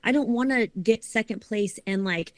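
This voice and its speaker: A woman's voice: fairly high pitch, normal speed, no room sound. A middle-aged woman, a fitness competitor and coach, talking earnestly in a casual podcast chat, often asking "right?".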